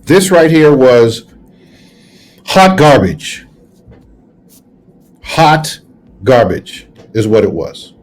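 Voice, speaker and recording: A middle-aged man co-hosting a reaction talk, casual and halting, often restarting and repeating words. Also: mid-range voice, sing-song. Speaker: co-host. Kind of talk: reaction commentary.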